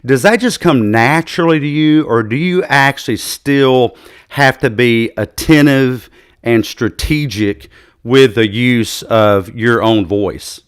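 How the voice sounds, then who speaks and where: A man's voice: medium pitch, takes it slowly, smooth, dry recording, clean studio sound. A man hosting a live interview show on a video call, upbeat and enthusiastic. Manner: upbeat and enthusiastic, with some fillers. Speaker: podcast host.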